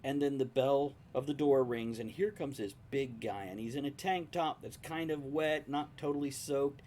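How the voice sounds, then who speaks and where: A man's voice: mid-range voice, moderate pace, darkish tone. A man on a livestream chat telling a vivid anecdote, acting out the scene as he goes. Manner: vivid storyteller, acts out scenes. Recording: faint background noise.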